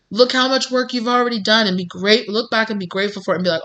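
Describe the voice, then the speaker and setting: Speaking fast with a somewhat high, slightly bright voice, a tarot reader gives her viewers a casual and supportive reading. She reassures them often, calls them "babes," and uses lots of fillers.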